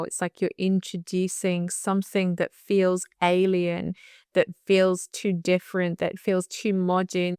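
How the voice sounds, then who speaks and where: A woman with a slight lisp talks through a monthly astrology forecast at an easy, measured pace. Her voice sits a little low and comes across smooth and clear. The sound is close and dry. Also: dry recording. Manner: calm and unhurried, laughs at tricky numbers.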